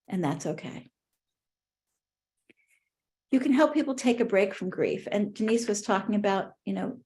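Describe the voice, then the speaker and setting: Woman, middle-aged, gentle conversational workshop talk, mid pitch, restarts and fillers. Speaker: workshop presenter on grief care.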